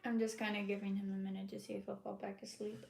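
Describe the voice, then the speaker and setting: A woman chats casually on a livestream, playfully teasing the man she is talking with. Her voice sits at a middle pitch. The recording sounds roomy and echoing, with faint background noise. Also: flat delivery, quick pace, creaky, a little mellow. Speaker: co-host. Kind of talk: casual chat. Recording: echoey room with faint noise.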